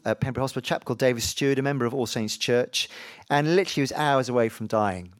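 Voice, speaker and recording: A man preaches from the front of a church at an ordinary pitch. His delivery is tender and pastoral, often turning to the congregation with a question. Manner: warm, emotional, pastoral, often asks the congregation "isn't it?". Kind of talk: sermon.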